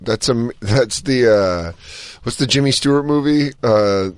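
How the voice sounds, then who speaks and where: A man co-hosting a podcast, riffing jokes in a casual, animated way. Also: medium pitch, unhurried, smooth, no echo. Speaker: podcast co-host. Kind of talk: casual chat.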